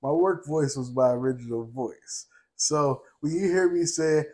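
A young man co-hosting a podcast, telling stories in a casual, profane, streetwise way and constantly asking "you know what I'm saying", getting loud and laughing when fired up. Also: fairly high pitch, unhurried, few pauses. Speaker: podcast co-host. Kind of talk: casual chat.

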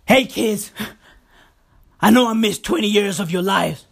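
A woman putting on a breezy deadbeat dad, voice dropped low. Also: measured pace, gravelly. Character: deadbeat father returning after years away, breezy.

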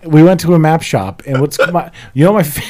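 A man co-hosting a podcast, swearing freely and teasing with deadpan exaggeration. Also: a little high, fairly quick. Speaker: podcast co-host. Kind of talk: casual podcast banter.

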